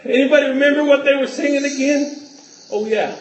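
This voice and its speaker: A man preaching a fervent sermon in a church, often shouting and restarting phrases. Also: extremely high pitch, steady tone, a little fast, roomy sound, far from the mic, a little hiss or hum, rough recording.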